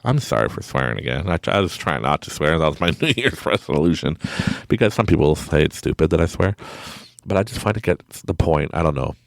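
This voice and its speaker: A middle-aged man hosts a podcast from home late at night, in a low, gravelly voice. He rambles through a motivational talk, laughing at himself often, with pitch that swings widely. The recording is dry and close. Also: lively intonation, a little fast, no room sound. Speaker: podcast host. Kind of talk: casual motivational monologue.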